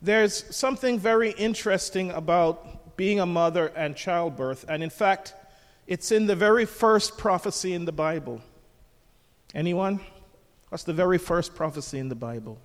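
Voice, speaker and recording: A man's voice: sits high, moderate pace, long reverb tail. An older man preaching a sermon as pastor, jovial and conversational, asking the congregation questions.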